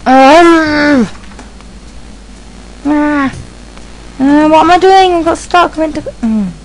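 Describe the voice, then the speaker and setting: A woman giving rambling casual commentary while playing a video game, chatting to her dog and reacting out loud. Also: sits high, takes it slowly, slight background noise, rough recording. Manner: excitable, yelps and squeals at the game. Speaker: let's play gamer.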